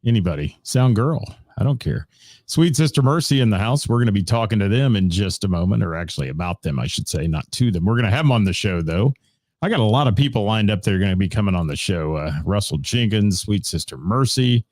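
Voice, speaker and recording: Middle-aged male radio host, low voice, loose rambling delivery full of fillers, dry studio sound. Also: animated, quick pace, darkish tone, no room sound. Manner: rambling, chatty, many "uh" fillers, greets viewers by name. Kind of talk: casual live-stream chat. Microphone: studio mic.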